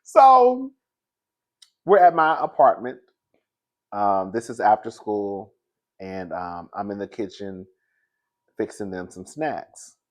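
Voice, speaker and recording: Brief: male vlogger, chatty storyteller, lively swooping pitch, laughs a lot. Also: takes it slowly, pauses often. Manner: animated, laughs often, keeps calling listeners "girl". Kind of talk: casual storytime monologue.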